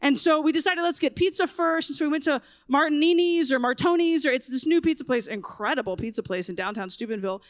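A woman in her thirties giving a humorous keynote talk at a conference, telling lively stories and acting out children's voices. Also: high-pitched, fast talker, hardly any pauses, no room sound, clean studio sound. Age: 30s. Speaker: conference speaker. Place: conference stage.

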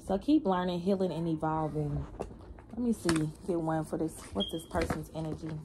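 A woman giving a casual spiritual card reading, animated and slangy, humming and laughing between lines. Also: low-pitched, moderate pace, background noise. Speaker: tarot reader.

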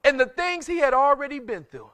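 A male pastor preaching with a very high, bright voice that swings widely as he pushes the congregation. He keeps circling back to the same rhetorical questions and breaks into shouts. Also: sing-song, a little fast. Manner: call-and-response preaching, repeated rhetorical questions, sudden shouts. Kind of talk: sermon.

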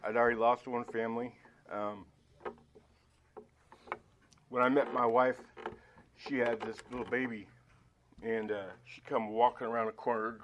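A man giving his personal testimony at a church Sunday school, speaking haltingly with many fillers and restarts, often emotional. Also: medium pitch, background noise.

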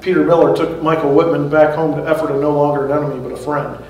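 A man's voice: a little high, fairly even intonation, fast, darkish tone, a little hiss or hum. A man giving a conversational sermon as pastor, chuckling at his own asides. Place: church sanctuary. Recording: echoey church hall, mic far off.

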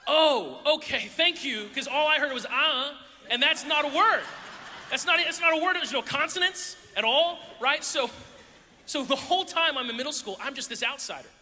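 A man's voice: very high voice, lively intonation, fairly quick, bright, forceful tone, soft background music. A man preaching a sermon to a church audience, a playful storyteller who acts out the voices in his stories. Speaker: youth pastor. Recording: echoey hall.

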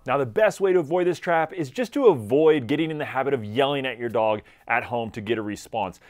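A man giving energetic, conversational dog training advice directly to his viewers. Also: mid-range voice, fairly quick. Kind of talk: instructional talk to camera.

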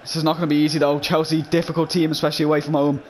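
A young man from England talks through his football game in a chatty way, reacting excitedly as the action unfolds. He sniffles now and then. His voice sits slightly high, with faint noise in the background. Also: rapid-fire. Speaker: gaming YouTuber. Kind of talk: casual gameplay commentary.

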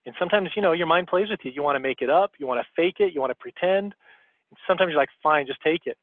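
A man's voice: a little high, fast, dry recording. Man, motivational talk, guest speaker, keeps saying okay, phone-line audio, dry. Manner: coaching, repeats "okay?" to check in. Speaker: guest speaker on a team call.

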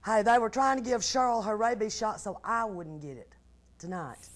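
A woman wrestler trash-talks her rival as a TV guest. Her voice sits at a middle pitch and she sounds brash. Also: lively intonation, moderate pace. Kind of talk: casual TV banter.

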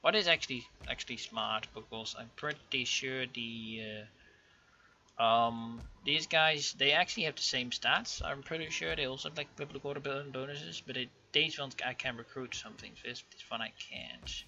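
Bright-voiced young man rambling through gameplay. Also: medium pitch, moderate pace, creaky. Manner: rambling, self-correcting, frequent ums; excitable outbursts of disbelief. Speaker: gaming channel host. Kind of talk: casual strategy-game commentary. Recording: dull lo-fi home mic.

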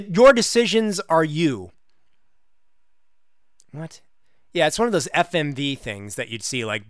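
A man riffs through game listings with a sarcastic edge, his pitch leaping wildly between mumbled asides and shouted exclamations. The recording is dry and close to the mic, with no room sound. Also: dry recording. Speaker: gaming channel host. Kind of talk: casual let's-play commentary.

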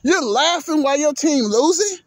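A man's voice: extremely high pitch, animated, normal speed, dry recording. A man ranting heatedly about basketball, cursing often and tripping over repeated words. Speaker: vlogger. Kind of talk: profane sports rant.

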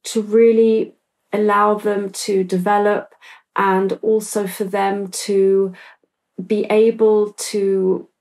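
A woman's voice: medium pitch, flat delivery, slow, vocal fry, a little mellow. A woman who organizes an opera academy, explaining its plans in a composed, explanatory interview answer.

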